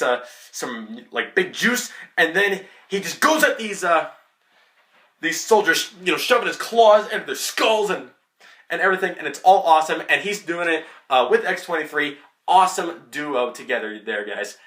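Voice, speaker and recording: A young man giving a casual, rambling movie spoiler review as a vlogger, excitable and full of fillers. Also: on the high side. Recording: echoey room.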